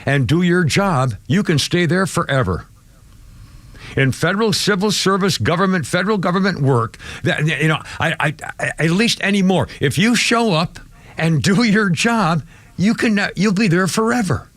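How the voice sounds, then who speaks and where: Older guy ranting on talk radio, kinda high voice, dry studio sound, lots of restarts. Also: normal speed, a bit bright, no echo. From United States. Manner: rambling, opinionated, restarts often, chuckles. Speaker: radio talk show host.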